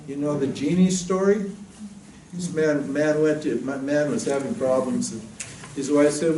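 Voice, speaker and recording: Guy giving a spiritual talk, lively jokey storytelling, sounds far off in a big echoey room. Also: on the high side, unhurried, slight background noise. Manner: lively, jokey storyteller who laughs at his own jokes. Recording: roomy, distant mic, faint ambience.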